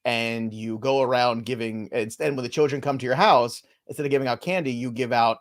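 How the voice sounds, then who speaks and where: A man's voice: mid-range voice, steady tone. A man co-hosting a live fantasy baseball stream, chatting casually and joking between player updates. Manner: loose, joking banter with quick asides.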